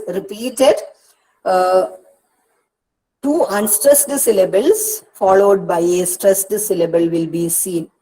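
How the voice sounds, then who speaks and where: Slow, patient Indian woman lecturer. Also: medium pitch, mellow, low-quality recording. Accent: Indian English. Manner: slow, patient, spells out syllables and repeats words. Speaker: university counsellor teaching English poetry. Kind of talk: online counselling lecture. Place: Kerala, India regional study centre session.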